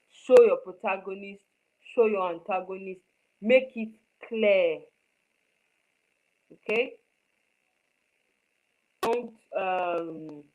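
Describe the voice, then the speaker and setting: A woman with a fairly low, slightly mellow voice teaches screenwriting in a live online class, and the recording is rough. She's emphatic, repeats her points, and keeps asking students whether they understand.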